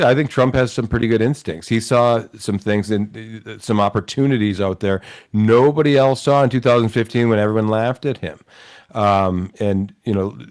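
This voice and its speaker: A man with a Wisconsin accent giving earnest, argumentative political commentary on a talk show. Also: fairly low pitch.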